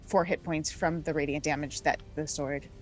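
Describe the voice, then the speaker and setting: A woman playing a tabletop game, measured and slow as she explains her actions. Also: sits low, fairly even intonation, faint music behind. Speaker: player.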